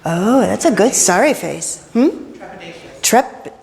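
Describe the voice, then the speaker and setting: A woman minister leading an interactive sermon, chatty and playful with quick jokes, in a church. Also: medium pitch, animated, gravelly, a little mellow. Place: church sanctuary. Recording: reverberant church hall.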